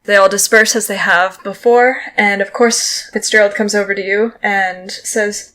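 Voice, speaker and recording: A woman runs a tabletop role-playing game as its game master. She narrates the scenes in a quick, playful way. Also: medium pitch, fairly even intonation, fairly bright tone, poor audio.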